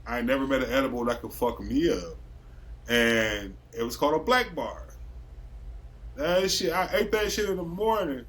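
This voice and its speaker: A man's voice: mid-range voice, normal speed, fairly bright tone. A man from Racine, Wisconsin, a podcast host telling a story in loose casual chat, acting out the quotes and swearing freely.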